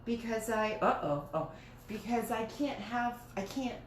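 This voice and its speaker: A woman's voice: a little high, lively intonation, unhurried. A woman hosting a casual live stream from her dining room, chatting in a rambling way and often restarting her sentences. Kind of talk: casual live-stream chat while crafting. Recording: roomy echoey home room, faint noise.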